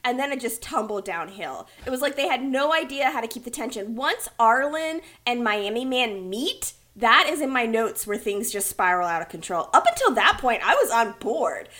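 A woman co-hosting a casual movie review chat, animated and exasperated, laughing often. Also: on the high side, moderate pace, hardly any pauses. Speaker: podcast co-host.

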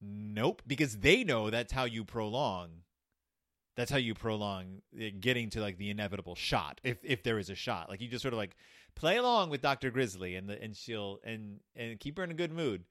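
A man with a lowish, expressive voice talks fairly quickly with a slightly bright tone, recorded dry with clean studio sound. He's a podcast host giving comedic commentary on a children's book, rambling and restarting often.

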